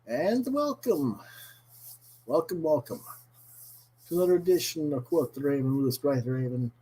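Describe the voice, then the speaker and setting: A male host chatting casually about his week's comic book haul in a deliberately bad, exaggerated put-on Irish accent, with frequent "mm-hmm" fillers. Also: a little high, expressive, mellow, breathy edge, poor audio.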